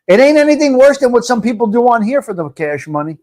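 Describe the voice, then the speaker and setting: A man's voice: extremely high pitch, very animated, fast, darkish tone. A middle-aged man hosting a live stream, chatting casually and joking with his viewers as he talks straight to them.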